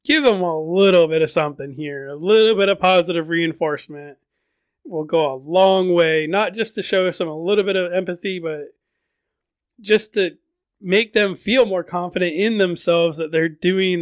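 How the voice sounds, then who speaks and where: Chatty man with a smooth high voice. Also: moderate pace, no echo. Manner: chatty, repeats words, many "you know" fillers. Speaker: podcast host recapping a fantasy book. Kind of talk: casual book recap.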